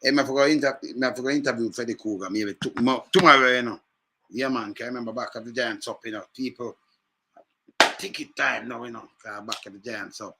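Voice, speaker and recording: A man chatting casually in patois, telling animated stories with lively jumps in pitch. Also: quick pace, a little hiss or hum. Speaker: speaker in a reggae scene video.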